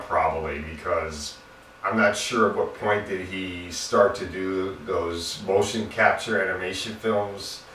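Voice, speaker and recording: Heard through a distant mic with room echo and a faint hum, a man reviews a film in a lowish, slightly bright voice. His take is earnest and casual, wandering and repeating itself.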